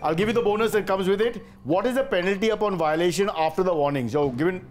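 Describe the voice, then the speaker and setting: A man with an Indian English accent hosting a quiz show, playful and teasing with quick asides. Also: sits high, music in the background. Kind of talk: joking game show hosting.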